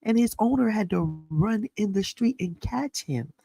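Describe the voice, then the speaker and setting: A middle-aged woman from New York State tells a story straight to the listener in loose, slang-heavy talk. She swears freely and stays animated, and her voice sits at a middle pitch. The recording is dry and close, with no room sound. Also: a little slow, vocal fry, slightly rough, dry recording. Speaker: astrology channel host. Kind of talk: casual storytelling monologue.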